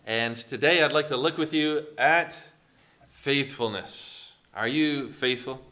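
A man's voice: mid-range voice, takes it slowly, bright, forceful tone. A man preaching a sermon, asking the congregation questions and acting out quotes along the way. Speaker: pastor.

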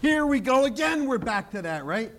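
A man. He is animated and playful, cracking jokes and acting out the people in the scripture as he teaches. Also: very high voice, normal speed. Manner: animated preaching with jokes and acted-out quotes. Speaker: pastor. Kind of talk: sermon.

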